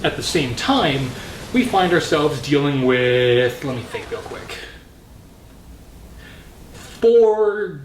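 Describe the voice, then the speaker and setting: A man's voice: on the high side, sing-song, slow pace, pauses often, reverberant, slight background noise. Casual film-review host from Canada, man, self-correcting and jokey, with light background ambience.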